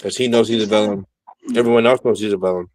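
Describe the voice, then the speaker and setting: Low-voiced laid-back man on a podcast. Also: fairly even intonation, quick pace, a little mellow, rough recording. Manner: laid-back, brief agreeing replies. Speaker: podcast co-host. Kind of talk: casual chat.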